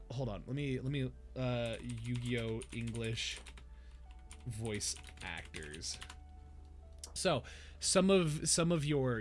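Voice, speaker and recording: A young man hosting a casual chat, rambling and animated as he tells stories with many restarts and quoted lines. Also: mid-range voice. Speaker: podcast host.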